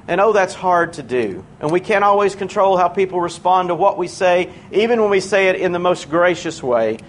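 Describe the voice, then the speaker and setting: Man, sermon in church, slightly higher voice, earnest, conversational. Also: a little hiss or hum. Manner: conversational and earnest, stresses key words by slowing. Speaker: preacher.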